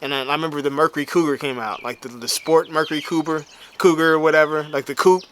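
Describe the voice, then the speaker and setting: A man talks in a relaxed, storytelling way, dropping slang and "you know what I'm saying" all through. His voice sits a little high and comes out bright and forceful, with a hint of background noise behind him. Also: fast. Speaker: bodybuilder and motivational speaker. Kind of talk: casual storytelling Q&A.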